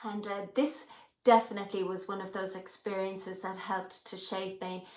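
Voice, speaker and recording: A woman's voice: mid-range voice, level tone, normal speed, darkish tone. Irish woman telling a candid story. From Ireland. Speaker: hypnotherapy teacher. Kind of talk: personal story to camera. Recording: roomy echo.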